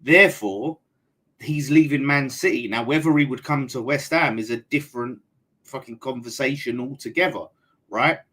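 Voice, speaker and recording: Bloke hosting a football fan stream, casual and sweary, middle pitch. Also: male voice, moderate pace, sharp tone. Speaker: fan channel host. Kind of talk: live-streamed football chat.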